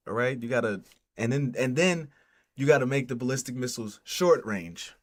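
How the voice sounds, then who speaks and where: A man's voice: medium pitch, animated, moderate pace. A man hosting a podcast, reacting to news in casual chat with blunt, profane, exasperated commentary.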